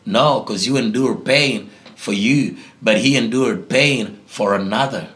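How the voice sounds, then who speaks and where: A man's voice: medium pitch, unhurried, a bit bright. A man from Africa, a pastor answering interview questions in a preaching tone, emphatic and fond of repeating key phrases. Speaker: guest pastor.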